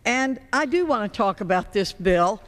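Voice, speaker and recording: A woman's voice: medium pitch, expressive, normal speed. A congresswoman making a pointed, polite objection on the floor of a large legislative chamber. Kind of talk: floor debate speech. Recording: long reverb of a large chamber.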